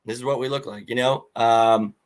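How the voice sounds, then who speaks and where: A man hosting a sports talk show, giving a blunt, animated fan rant in casual chat with plenty of fillers. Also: medium pitch, normal speed. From Philadelphia. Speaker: sports podcast host.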